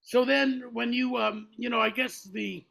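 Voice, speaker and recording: A man's voice: very high voice, steady tone, unhurried, creaky, bright, forceful tone, rough recording. A man hosting a casual interview, easygoing and interjecting with his own memories. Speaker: host and jazz musician.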